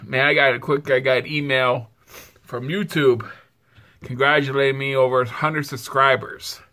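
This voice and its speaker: A man's voice: mid-range voice, steady tone, moderate pace, bright, forceful tone. A man vlogging casually while suffering from spicy heat, sighing and whooping between words. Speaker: food vlogger. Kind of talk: casual vlog.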